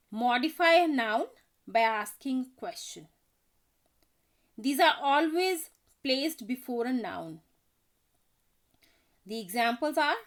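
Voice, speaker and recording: A woman teaching an English grammar lesson, reading out example sentences in a careful, deliberate way. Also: high voice. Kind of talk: slow scripted grammar lesson.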